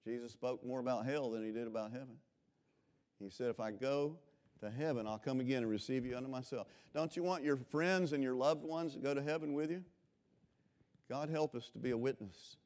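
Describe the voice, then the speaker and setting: A man from Florida preaching a revival sermon, swinging between loud impassioned calls and quiet personal storytelling. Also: medium pitch, a little fast. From Florida, USA.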